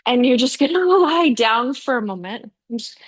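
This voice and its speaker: A woman's voice: fairly high pitch, lively intonation, moderate pace. A woman teaching a yoga and fascia class. She guides and encourages her students in a chatty way, with frequent "yeah" and "okay". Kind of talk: guiding a live yoga class.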